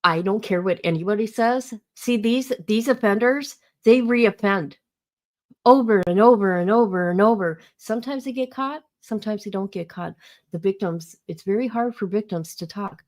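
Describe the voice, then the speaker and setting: A woman's voice: mid-range voice, normal speed, a little mellow. A woman hosting a casual livestream, ranting heatedly about a court case and greeting viewers by name. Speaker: livestream host.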